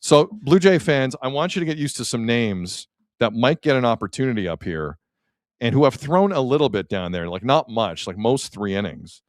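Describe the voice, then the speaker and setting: A man hosting a sports talk show, chatty and animated as he reads out player stats. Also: mid-range voice, normal speed, dry recording, studio quality.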